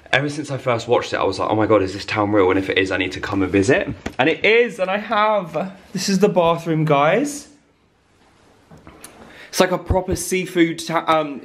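A young man in a hotel room talking to camera in a casual travel vlog, gushing and excitable with lots of exclamations. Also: medium pitch. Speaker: travel vlogger. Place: seaside hotel room, indoors.

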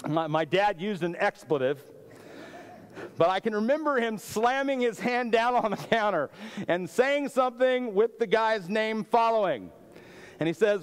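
Fairly high-voiced man preaching. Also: unhurried, clean tone, long reverb tail. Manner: animated, repeats words at starts of phrases. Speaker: lead pastor. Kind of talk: storytelling sermon.

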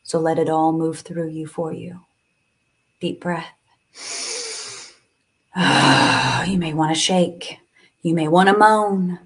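A woman's voice: low-pitched, slow, pauses often, husky. A woman guiding a live tapping and breathing session, speaking soothingly and coaxingly, with sighs and moments of emotion.

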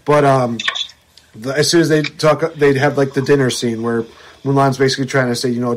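A man's voice: mid-range voice, moderate pace. A young man co-hosting a podcast, ranting in a casual chat about a movie, swearing freely and voicing its characters mockingly. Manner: animated, profane ranting with mocking quotes. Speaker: podcast co-host.

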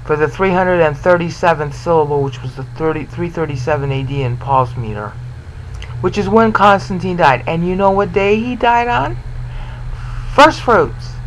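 Slow, explanatory man teaching scripture. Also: a little high, a bit bright, a little hiss or hum, low-quality recording. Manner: explanatory, repeats and restarts words, asks listener questions. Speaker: Bible teacher. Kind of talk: informal Bible lesson.

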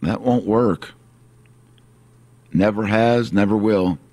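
A man preaching a sermon as pastor, earnest and repetitive, slowing down on key phrases. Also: fairly low pitch, a little mellow, no echo.

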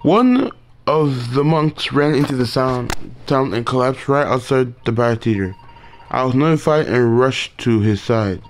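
A calm older monk father from a game, read out by a man in a voice close to his everyday tone. The delivery is halting and repeats words, with game music faint behind. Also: medium pitch, close to an everyday voice. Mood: recounting. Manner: reading game dialogue aloud, halting, rereading words.

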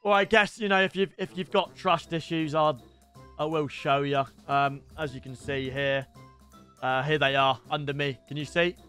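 A man's voice: a little high, steady tone, normal speed, pushed and bright, faint music behind. A man hosting a reaction video, chatting casually and poking fun at himself as he talks to his viewers. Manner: chatty, self-mocking, lots of restarts.

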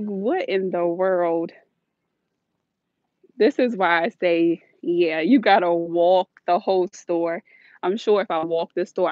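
A woman's voice: fairly low pitch, darkish tone, no echo. A woman vlogger chatting casually and a bit scattered while streaming live from inside a large store on her phone. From United States. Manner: chatty, scattered, laughs often. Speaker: shopping vlogger. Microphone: phone held while walking. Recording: dull, dry phone audio.

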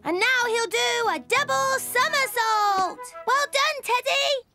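A very high, slightly gravelly little boy donkey from a cartoon. He talks slowly and gently, with children's music running behind him. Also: full character voice. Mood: cheerful. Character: playful little boy donkey, cheerful and curious.

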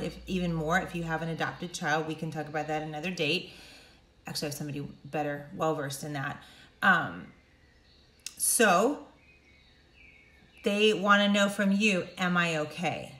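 A middle-aged woman coaching viewers directly, emphatic and animated, acting out quotes in sudden high voices. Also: reverberant. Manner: animated, emphatic, acts out quotes with big pitch jumps. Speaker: speaker and coach. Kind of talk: direct-to-camera talk.

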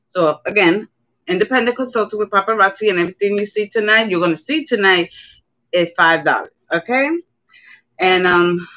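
A woman's voice: mid-range voice, bright, forceful tone. A woman hosting a casual live-stream jewelry sale from home. She greets viewers by name and keeps checking in with "okay?".

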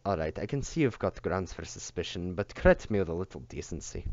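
A man voicing a gruff, weary male bodyguard who talks bluntly and scolds, in a dull lo-fi recording. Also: deep voice, animated, brisk, darkish tone, dry recording.

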